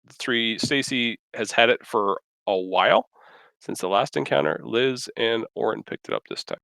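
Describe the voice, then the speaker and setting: A man's voice: mid-range voice, normal speed, vocal fry, pushed and bright, no echo. A man running a tabletop game as game master, hesitant and full of fillers.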